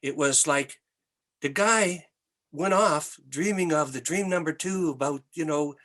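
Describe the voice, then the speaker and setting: An older Canadian man, a musician guest, telling animated anecdotes in an interview with many restarts. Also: on the high side, a little slow. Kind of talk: storytelling interview.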